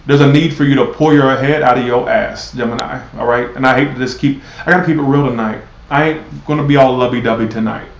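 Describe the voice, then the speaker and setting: Blunt male tarot reader, sarcastic and profane, mid-pitched, roomy lo-fi sound. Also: fairly even intonation, fast talker, creaky, hardly any pauses, a little hiss or hum. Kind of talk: live tarot reading.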